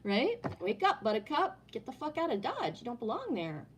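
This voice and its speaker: A woman's voice: a little high, huge pitch swings, moderate pace, a little hiss or hum. A woman talking casually on a home live stream, answering chat in a blunt, profane way and often asking "right?". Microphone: no headset, sound heard in the room.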